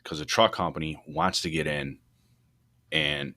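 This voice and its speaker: A man co-hosting a fire service podcast, talking through a fire video in loose, rambling shop talk with many restarts, rising in pitch when he gets animated. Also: unhurried, gravelly, husky. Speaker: podcast co-host, fire truck company boss. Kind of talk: casual shop talk about firefighting.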